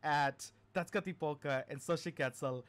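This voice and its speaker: A man hosting a storytelling podcast, retelling a myth in a chatty, rambling way full of animated asides. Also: fairly high pitch, normal speed, smooth.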